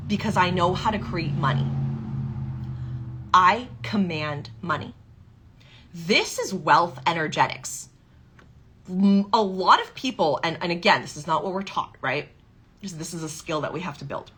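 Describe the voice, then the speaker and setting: A woman's voice: lowish voice, animated, unhurried, sharp tone, slight background noise. A woman giving a motivational coaching talk on sales and money, emphatic and fond of acting out inner doubts in quoted voices.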